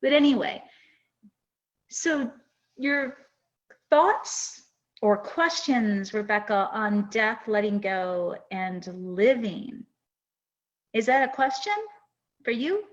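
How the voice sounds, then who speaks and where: Earnest woman in her fifties, slightly high. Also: slow pace, pauses often. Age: 50s. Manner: earnest, reflective, emotional. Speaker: podcast host. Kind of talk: personal storytelling on a podcast. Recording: dull lo-fi sound.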